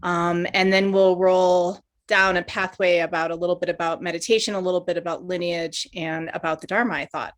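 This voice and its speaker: A woman hosting a podcast, asking her guest questions in a warm, gently inquisitive way. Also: fairly low pitch, flat delivery, a little fast, few pauses. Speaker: podcast host. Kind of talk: casual interview chat.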